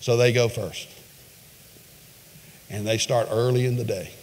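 A man's voice: steady tone, unhurried, long pauses, darkish tone. Man preaching in a reverberant hall. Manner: dramatic storytelling, quoting with voices, pitch swings. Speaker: pastor. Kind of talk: sermon. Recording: long reverb of a large hall.

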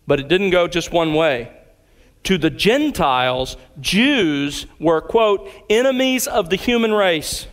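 A man preaching an expository sermon as pastor, earnest and deliberate in his phrasing. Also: high-pitched, long reverb tail.

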